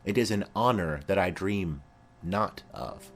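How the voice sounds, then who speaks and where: Guy reading as a polite shy young girl, lowish slow voice. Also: expressive, full character voice. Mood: demure. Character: young noble girl, dutiful and demure. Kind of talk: dramatic reading of a play.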